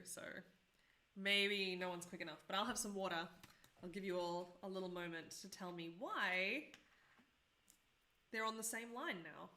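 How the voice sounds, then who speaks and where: A woman's voice: fairly low pitch, pushed and bright. A woman in her thirties teaching a live-streamed coding tutorial, chatty and self-deprecating, often asking viewers questions.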